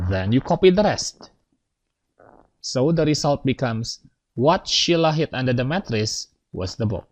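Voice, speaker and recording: A man's voice: mid-range voice, low-quality recording. A man teaching an English grammar lesson, explaining step by step and checking in with his students.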